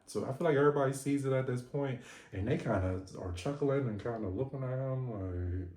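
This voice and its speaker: A man giving an animated, gossipy casual recap of a reality TV episode, laughing often. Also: mid-range voice, brisk, roomy sound.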